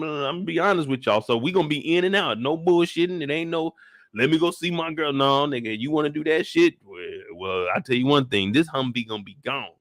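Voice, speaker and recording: A young man streaming a live recap of a TV episode, riffing in an animated, profane, comic way and acting out scenes. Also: fairly high pitch, no room sound, clean studio sound. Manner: acts out scenes in shouted bursts.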